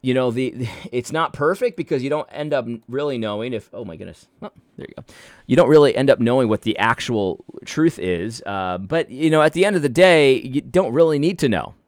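A man's voice: medium pitch, expressive, brisk, no room sound. Man talking in a dry, close sound. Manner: frequent restarts and stuttered repeats. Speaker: commentator. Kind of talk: casual opinion monologue.

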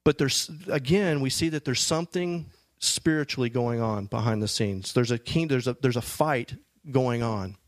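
A man's voice: medium pitch, moderate pace, dry recording. A man giving a sermon, reading scripture and explaining it in a loose, conversational way with frequent restarts. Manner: conversational, many restarts and fillers. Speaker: preacher.

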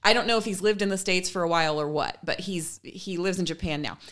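A woman co-hosting a chat show, retelling a funny video in a lively way and acting out the quoted voices. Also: on the low side, fast. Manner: animated storyteller, acts out quoted voices, laughs often. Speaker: podcast co-host.

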